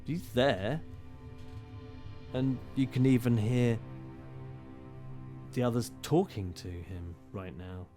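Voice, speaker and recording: A man runs a spooky tabletop game, his voice sitting low. He sets scenes slowly and descriptively, with soft music under him. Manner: descriptive, slow when setting a scene. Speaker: game master.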